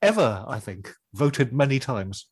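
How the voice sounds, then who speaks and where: A man's voice: medium pitch, big pitch swings, a little slow, slightly rough, dry recording. A man bringing news items to a radio show, chatting casually in a wry, quibbling way in a studio.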